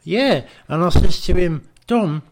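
A man's voice: on the high side, expressive, moderate pace, noisy background. A man co-hosting a comic chat, telling crude rambling stories and acting out other people's lines. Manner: crude, rambling storyteller who acts out others' voices. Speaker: comedy podcast co-host.

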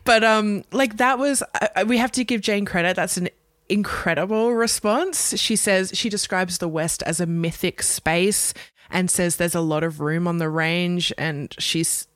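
A woman's voice: lowish voice, measured pace, a bit bright, no room sound, clean studio sound. A woman with an Australian accent co-hosting a casual pop culture podcast, talking in a chatty way with lots of fillers. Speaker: podcast co-host.

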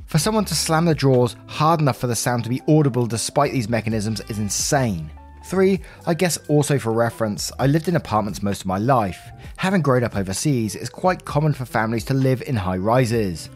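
A man's voice: mid-range voice, expressive, fairly quick, soft background music. A man hosting a channel, casually reading aloud online stories about neighbours in a chatty, friendly way.

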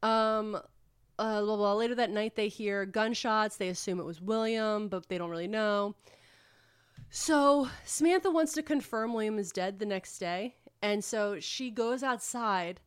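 A woman casually recapping a book plot on a podcast, rambling and animated, with swearing. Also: mid-range voice, a little slow, clear, resonant tone, no echo, studio quality. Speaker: podcast co-host retelling a book. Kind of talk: casual chat.

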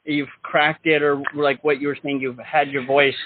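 Male radio host, casual interview, chatty probing questions, fairly high voice, tinny phone sound. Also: level tone, moderate pace. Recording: tinny phone line with faint hiss.

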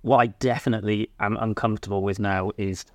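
Low-voiced man explaining casually. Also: fairly even intonation, brisk, no echo, studio quality. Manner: easygoing, hedging, explains step by step. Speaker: podcast co-host. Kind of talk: casual chat.

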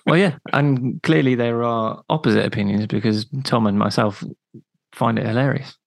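A man with a gravelly voice teases and argues in a podcast chat. The recording is dry and close. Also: mid-range voice, steady tone, moderate pace, dry recording. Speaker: podcast co-host. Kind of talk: casual chat.

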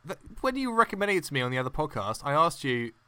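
A man's voice: fairly high pitch, big pitch swings, fast, bright, forceful tone, smooth, no room sound. A young man co-hosting a podcast in casual chat, laughing often and stammering over words when he argues. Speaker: podcast co-host.

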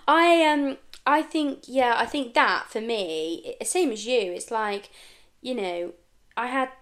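A woman's voice: fairly high pitch, slow. A woman and florist co-hosting a podcast, chatting casually, laughing often and swearing for comic effect. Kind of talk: casual chat.

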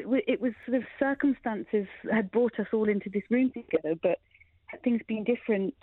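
A woman's voice: fairly high pitch, no room sound. A middle-aged woman, an interview guest, speaking earnestly and emotionally, often restarting her sentences. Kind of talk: reflective interview talk. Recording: tinny phone-like sound, dry.

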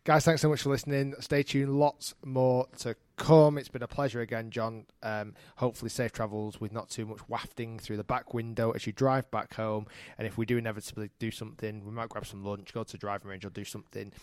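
A man's voice: medium pitch, level tone, fairly quick, hardly any pauses, darkish tone, clean tone, no echo, clean studio sound. A man hosting a golf podcast in casual chat, joking and laughing often. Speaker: podcast host.

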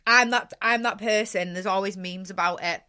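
Woman, young adult, podcast co-host, bright sharp tone, self-mocking, casual swearing. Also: mid-range voice, fairly even intonation, normal speed, smooth. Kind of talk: casual chat.

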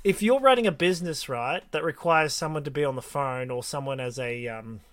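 Recorded dry, this male podcast co-host speaks briskly in a voice on the high side. Telling stories in a casual chat, he sounds bright and rambles, often breaking off to start a sentence over.

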